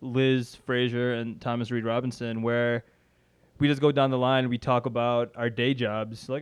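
A man chatting as a podcast guest, easygoing and self-deprecating. He restarts his sentences often and talks at a normal pitch. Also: level tone, moderate pace, clean tone. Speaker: podcast guest, magician and improv performer. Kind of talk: casual podcast chat.

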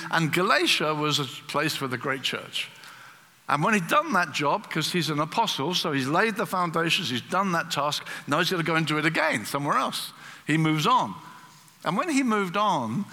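Bright-voiced man preaching in a hall. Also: on the high side. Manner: animated, acts out quoted voices, many fillers. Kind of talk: sermon. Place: church hall. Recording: long hall reverb.

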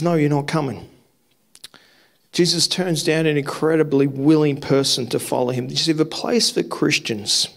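With a fairly high, creaky voice, a man preaches to his congregation in a church hall. This pastor's sermon is impassioned, full of repeated points and rapid-fire rhetorical questions.

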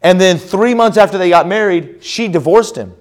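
A middle-aged man preaching a conference sermon, telling a story with repeated restarts and reading scripture slowly. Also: high-pitched, expressive. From American South. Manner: slow, solemn scripture reading. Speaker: pastor.

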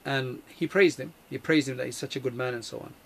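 A man giving a religious lesson in an earnest, emphatic way, repeating key phrases and reciting Arabic verses quickly. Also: medium pitch, steady tone, gravelly, a bit bright. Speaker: Islamic teacher.

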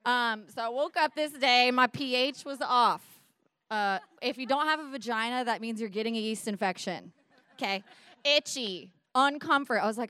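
A young woman telling a bawdy comic story, animated and full of voiced asides. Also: on the high side, normal speed, clean tone, dry recording, studio quality. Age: young adult.

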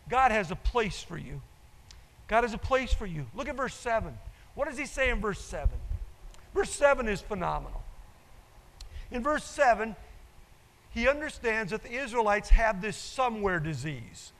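A man's voice: high voice, animated, moderate pace, a bit bright. An older man, a pastor preaching a sermon with emphasis and repeating his key phrases. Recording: long reverb in a large hall.

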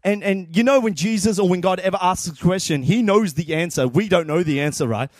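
High-voiced, energetic young-sounding preacher man. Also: fairly quick, no echo, studio quality. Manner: energetic, repeats words, casual slang. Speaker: church volunteer preacher. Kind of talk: informal sermon.

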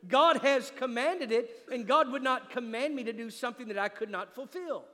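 High-voiced man preaching in an echoey hall. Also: normal speed, pushed and bright. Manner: emphatic preaching, asks the congregation "Amen?". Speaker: pastor. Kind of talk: sermon with live demonstration. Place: church sanctuary.

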